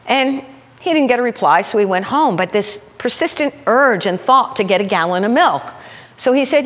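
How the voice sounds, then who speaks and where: Animated woman preaching in a reverberant hall. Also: on the high side, fairly quick. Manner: animated, acts out the people in her stories. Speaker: minister. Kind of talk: storytelling sermon. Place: spiritual center sanctuary.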